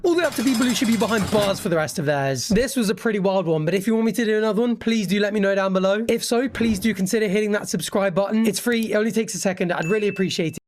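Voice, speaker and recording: A male commentator narrating over clips in a clearly high voice. He delivers wry, sarcastic quips in a commentary style. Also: very fast, hardly any pauses, slight background noise. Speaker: video commentator. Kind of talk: scripted reaction commentary.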